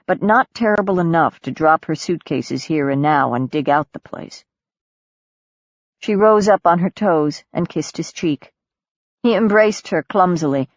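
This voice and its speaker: This audiobook narrator, a woman with a low-pitched voice, gives a calm, measured scripted reading of a novel. There's no room sound, and the audio has a dull, lo-fi quality.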